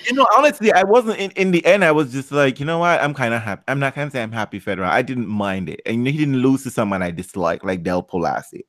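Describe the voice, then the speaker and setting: A man co-hosting a casual chat show, talking in an animated, joking way and often repeating "you know what". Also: mid-range voice, fast talker, hardly any pauses, no echo. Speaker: podcast co-host.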